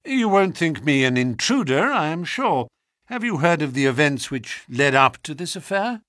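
A man reading an audiobook, voicing a confident, wry detective who speaks in a measured, precise way. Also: a little high, very animated, a bit bright, no echo, studio quality, voice pushed up. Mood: assured. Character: calm, sharp male detective, confident and wry.

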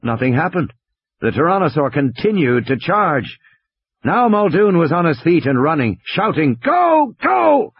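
Male audiobook reader, lively pitch, slightly breathy, dry and muffled studio sound. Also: moderate pace, no echo. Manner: expressive storytelling. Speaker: audiobook narrator. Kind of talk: dramatic audiobook narration.

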